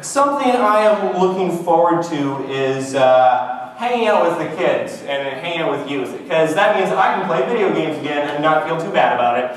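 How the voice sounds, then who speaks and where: High, lively, joking young man in an echoey room. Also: normal speed, few pauses. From Canada. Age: 20s. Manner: joking, self-mocking, wry. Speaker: vlogger. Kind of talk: casual comic monologue. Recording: echoey room, far from the mic.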